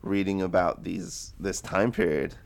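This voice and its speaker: A man's voice: sits low, little pitch movement, unhurried, vocal fry. A man in his twenties co-hosting a book podcast, rambling casually with lots of filler words. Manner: rambling, heavy use of "like". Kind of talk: casual chat.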